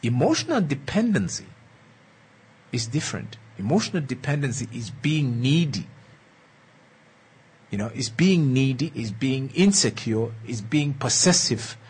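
With a husky, medium-pitched voice, a man talks about relationships in an earnest, motivational way. He goes slowly and emphatically, coaxing the audience, checking in with them, and repeating his main lines.

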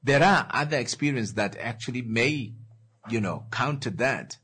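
A man with a husky, slightly breathy voice teaches. His pitch moves a lot, rising and falling as he stresses points. He keeps stopping to ask the listener questions. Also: expressive, normal speed, fairly bright tone. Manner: asks the listener questions, gives worked examples. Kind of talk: explanatory lecture.

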